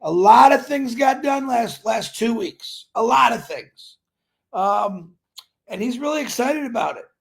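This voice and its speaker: A man's voice: extremely high pitch, lively intonation, a little slow, vocal fry, breathy edge. A man hosting a daily live stream, greeting viewers by name and chatting in an upbeat, rambling way.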